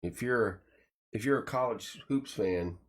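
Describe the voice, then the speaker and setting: A man's voice: on the low side, measured pace. A man hosting a casual morning live stream from a small studio room, greeting viewers by name and reading sponsor plugs in a folksy, joking way.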